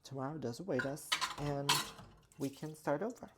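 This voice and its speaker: A woman's voice: low-pitched, normal speed, heavy background noise. A woman in her twenties chatting casually to camera while doing kitchen chores, rambling with lots of "like" and "you know.". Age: 20s. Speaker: vlogger. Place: home kitchen. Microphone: own microphone near the sink.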